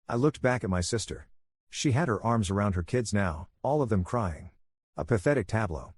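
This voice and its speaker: With a husky, low-pitched voice, this male narrator recounts a long story, staying calm, steady, and measured throughout. The recording is close and dry.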